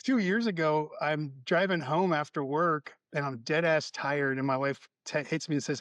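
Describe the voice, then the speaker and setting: A man tells stories as a podcast guest, cursing freely and playing out both sides of a quarrel. His voice sits a little high for a man. The sound is dry and close. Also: moderate pace, few pauses, no echo. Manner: profane, animated storyteller, acts out quarrels. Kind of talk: casual storytelling interview. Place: Florida.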